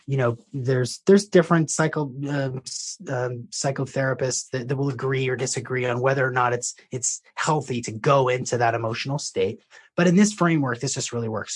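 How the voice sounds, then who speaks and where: A man's voice: medium pitch, slightly rough. A man working as a coach, telling a client's story and explaining a technique in a conversational way, with frequent restarts and casual swearing. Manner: swears casually when quoting.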